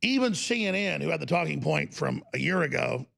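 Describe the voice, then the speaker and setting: A man ranting as a talk show host, his voice heavily gravelly and pitched a little high. He piles on repeated lists and asides. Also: big pitch swings, fairly quick, a bit bright. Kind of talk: political talk show rant.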